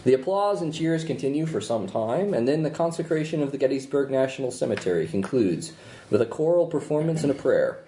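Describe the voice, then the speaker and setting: A man narrating as game master, telling the story with lively delivery and hesitant asides. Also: medium pitch, brisk. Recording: echoey room, faint noise.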